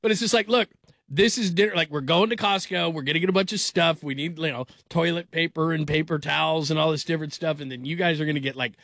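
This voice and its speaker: A man's voice: fairly high pitch, quick pace, a bit bright, dry recording, clean studio sound. A middle-aged man hosting a call-in sports radio show, talking casually with restarts and easy laughs. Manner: rambling, repeats words, laughs easily. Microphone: studio microphone.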